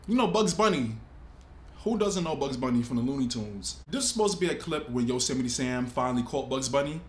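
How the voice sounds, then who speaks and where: A man hosting a reaction video, talking in an animated, emphatic, casual way. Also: mid-range voice. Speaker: host. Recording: echoey room with faint ambience.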